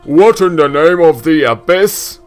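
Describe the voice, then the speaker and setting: A man voicing a loud, booming, gruff male merchant in a game he is reading aloud. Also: lively intonation, a little slow, faint music behind, natural voice. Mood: startled.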